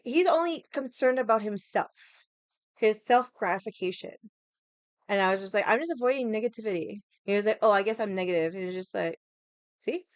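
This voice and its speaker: A woman's voice: medium pitch, animated, a little fast, dry recording. A young woman hosting a casual livestream, ranting in a sassy, profane, rambling way and greeting viewers. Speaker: livestream host.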